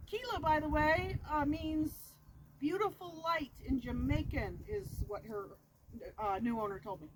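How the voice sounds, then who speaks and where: A woman dog trainer explaining each step plainly, outdoors near a road. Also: measured pace. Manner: explains steps plainly, praises the dog in a high sing-song voice. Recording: loud background noise.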